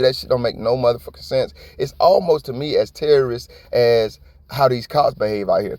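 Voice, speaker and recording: A man's voice: medium pitch, darkish tone, no echo. A man giving blunt, profane, impassioned reaction commentary in a slangy, conversational way. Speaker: video commentator.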